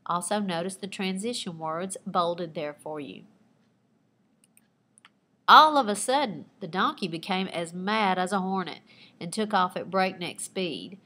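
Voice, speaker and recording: Lady teacher reading her own story out loud, kinda low voice, stops to explain the figurative language bits. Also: a little slow. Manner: expressive storytelling with asides pointing out figurative language. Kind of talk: reading aloud a personal narrative and explaining writing techniques.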